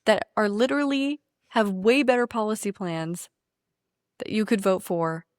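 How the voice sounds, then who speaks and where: A woman's voice: mid-range voice, lively intonation, normal speed, no echo. Woman co-host, casual political rant, swearing, emphatic, dry close sound. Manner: emphatic, profane, laughing often. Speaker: podcast co-host.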